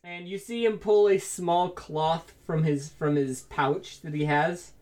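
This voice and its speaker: A man as game master, narrating a tabletop game in a relaxed, amused way. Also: fairly high pitch, slow.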